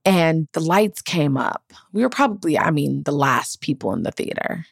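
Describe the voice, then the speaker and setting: A woman in her thirties hosting a podcast, with a notably low, deep voice. She speaks earnestly and with feeling, reflecting on her own story. The sound is close and dry. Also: expressive, moderate pace, creaky, no echo. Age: 30s. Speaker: podcast host. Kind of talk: heartfelt personal storytelling.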